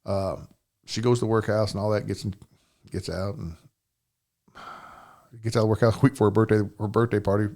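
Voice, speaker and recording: A man's voice: on the low side, flat delivery, brisk, gravelly, a little mellow. An older man, a podcast guest telling a personal story in plain, rambling speech, often asking "you know what I'm saying".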